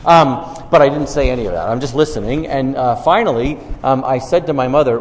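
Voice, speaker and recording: A man's voice: medium pitch, brisk. A man from New York with a New York accent, telling stories to an audience in a self-deprecating, conversational way. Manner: self-deprecating, storytelling with quoted dialogue. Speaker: speaker on faith conversations. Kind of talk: talk to a live audience. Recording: long hall reverb, faint room noise.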